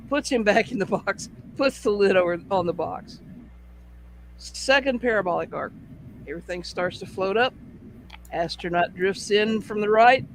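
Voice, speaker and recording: A man host telling a casual anecdote, animated and full of vivid sound effects. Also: high-pitched, a little hiss or hum, rough recording.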